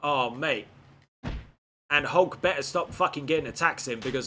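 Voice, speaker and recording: A man giving animated, expletive-laden commentary on a video game playthrough. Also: on the high side, normal speed, background noise. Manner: animated, swears often, frustrated outbursts.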